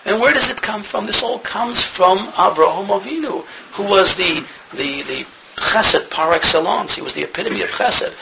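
A man's voice: high-pitched, animated, normal speed, vocal fry, dull audio. A man giving a religious lecture as a rabbi, an earnest storyteller who grows more emphatic as he goes. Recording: noisy recording with clicks.

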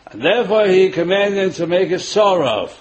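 An older man, a rabbi, preaching a sermon and weaving in a personal story with frequent pauses and fillers. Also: high-pitched, lively intonation, poor audio. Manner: rambling, many filler pauses, chuckles at own jokes.

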